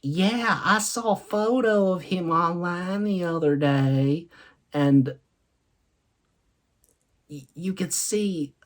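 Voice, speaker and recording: A woman's voice: fairly low pitch, slow pace, long pauses, pitched above the performer's own voice. A man voicing an older grandmother with a Southern accent who earnestly shares conspiracy gossip.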